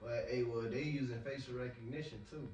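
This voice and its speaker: A man's voice: mid-range voice, steady tone, fairly quick, darkish tone. Slangy preaching man, echoey. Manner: slangy, conversational, repeats words. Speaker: street preacher. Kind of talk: casual preaching discussion. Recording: echoey, from far off.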